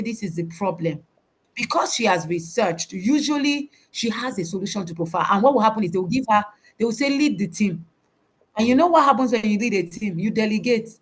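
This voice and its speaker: A woman giving a faith-based motivational talk over a video call, emphatic and preacherly, repeating her key words. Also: on the high side. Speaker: motivational speaker.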